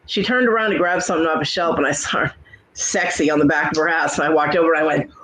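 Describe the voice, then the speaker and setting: A woman's voice: sits low, fairly even intonation, fast talker, a bit bright, slight background noise, low-quality recording. A woman host in casual chat, bluntly telling salty family stories with a laugh.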